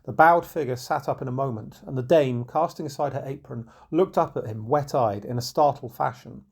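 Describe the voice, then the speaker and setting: A man narrating an old folk tale in a measured, unhurried storybook reading. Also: mid-range voice, gravelly, husky.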